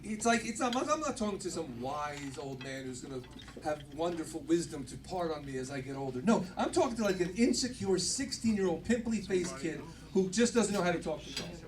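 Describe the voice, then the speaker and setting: High-voiced rambling stand-up comic. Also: male voice, lively intonation, fairly quick, a little hiss or hum. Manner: rambling, self-interrupting punchlines. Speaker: stand-up comedian and host. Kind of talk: stand-up comedy. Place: comedy club stage. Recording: distant mic, loud live audience. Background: audience laughter.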